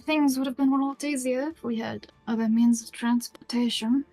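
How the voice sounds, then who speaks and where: A woman speaking in character at a tabletop game, calm and matter-of-fact. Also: fairly high pitch, moderate pace, faint music behind. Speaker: player.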